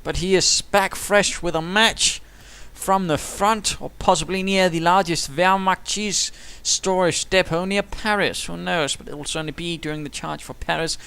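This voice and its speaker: A man commentates a strategy game replay with a playful, theatrical flair. His voice sits a little high and comes through smooth and crisp, and he keeps slipping in whimsical asides. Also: steady tone, moderate pace, pushed and bright. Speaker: caster.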